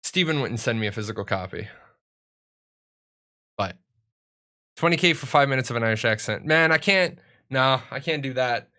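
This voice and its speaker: Young male streamer, bright and forceful tone, rambling self-joking chat at a desk mic. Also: medium pitch, animated, moderate pace, long pauses. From United States. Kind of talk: casual live-stream chat.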